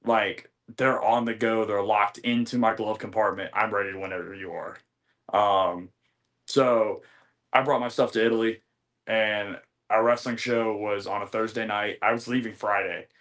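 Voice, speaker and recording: A young man from the United States chats as a wrestling guest on a podcast. His voice sits a little low. He rambles, backtracks and fills gaps with ums, building his stories with animated energy. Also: moderate pace. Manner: rambling, animated, many fillers and restarts. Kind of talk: casual interview storytelling.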